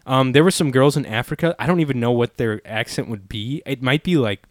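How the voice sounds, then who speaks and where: A man's voice: medium pitch, a little fast, no echo. A man in a laid-back, rambling conversation, swearing casually, close to the mic. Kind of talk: casual chat.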